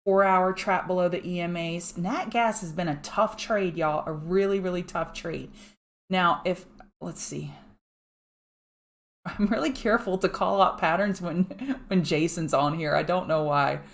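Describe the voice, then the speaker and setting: Fast-talking woman reviewing charts. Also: on the low side. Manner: fast-talking, chatty, thanks viewers by name. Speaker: market analyst host. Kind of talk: live trading chart commentary. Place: home room.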